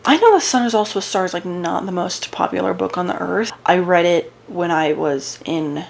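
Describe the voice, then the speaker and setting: A young woman with a slightly low voice chats about a book she has read while she crochets. Her voice is going hoarse, and she rambles along with fillers and self-corrections. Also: normal speed, slight background noise. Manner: chatty, rambling with fillers and restarts. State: losing her voice. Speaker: book vlogger.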